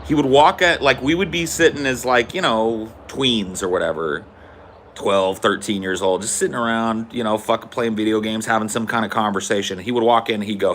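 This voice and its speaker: A man's voice: fairly low pitch, brisk, fairly bright tone, slight background noise. A young adult man hosting a podcast, telling a rambling story in a casual, profane way. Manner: rambling, swears casually, lots of fillers. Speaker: podcast host.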